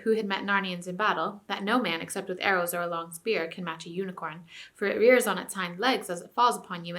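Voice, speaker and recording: Bright-voiced woman teacher reading aloud. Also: mid-range voice. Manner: clear storytelling. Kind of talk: reading a novel aloud to a class.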